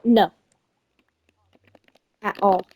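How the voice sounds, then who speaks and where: A woman's voice: mid-range voice, steady tone, extremely slow, a little mellow, breathy edge, poor audio. A young woman chatting casually while gaming, rambling through a story and often correcting herself and losing her place. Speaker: gamer retelling a story.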